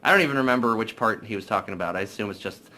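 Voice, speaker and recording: A young man casually recapping a movie, swearing a lot, excitable and full of fillers. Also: lowish voice, very fast. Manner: profane, excitable, many fillers. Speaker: movie reviewer.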